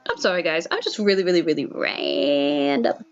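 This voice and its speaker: A woman's voice: fairly low pitch, animated, moderate pace, faint music behind. Young female streamer, chatty and self-mocking, lo-fi headset sound. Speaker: game streamer. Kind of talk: casual let's-play commentary and reading.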